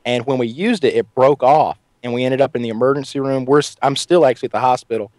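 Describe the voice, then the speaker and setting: A man's voice: mid-range voice, fast, a little mellow, no echo, lightly acted. A man playing an angry redneck father on a prank phone call, making folksy threats. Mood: threatening. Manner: blustering threats, folksy drawl.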